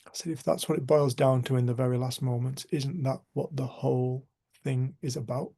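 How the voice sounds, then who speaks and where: Heard over a video call, a middle-aged group facilitator shares a personal story with heartfelt earnestness. His medium-pitched voice is steady, dark and a bit breathy, at normal speed, frequently dropping almost to a whisper.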